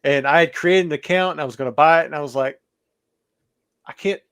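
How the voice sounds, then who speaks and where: A man's voice: fairly high pitch, rapid-fire, fairly bright tone, smooth. A man who is a guest on a podcast interview and sells cards, talking in a rambling way and hedging with lots of fillers. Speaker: podcast guest, card seller.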